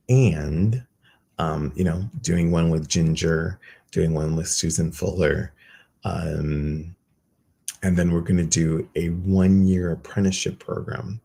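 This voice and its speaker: A man's voice: low voice, vocal fry, a little mellow, slightly rough. A man hosting a meditation group livestream, giving casual, chatty announcements with a loose, self-teasing manner.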